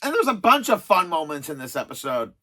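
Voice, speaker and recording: A video reviewer in their thirties, with a mid-range, bright, forceful voice, big pitch swings, and a fairly quick pace, counts down favourite TV episodes. The talk is chatty and rambling with restarts, full of sarcasm they openly admit to.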